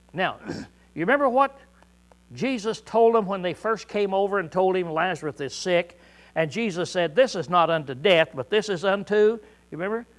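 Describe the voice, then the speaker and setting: A male pastor preaching a sermon in a folksy way, clearing his throat often, repeating words and shouting out quoted lines. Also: high-pitched.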